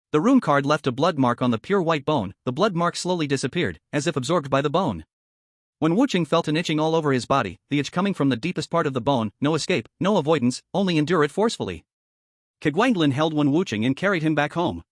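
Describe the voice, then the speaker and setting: Brief: male narrator for a horror web story, steady and even, slightly high voice, dry close mic. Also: quick pace, dry recording.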